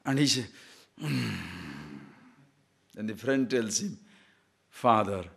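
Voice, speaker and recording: A husky, mid-range voice with vocal fry belongs to this spiritual teacher, who takes things slowly. His lively, repetitive discourse is full of jokes and chuckles, short stories, repeated phrases, and questions to the listeners.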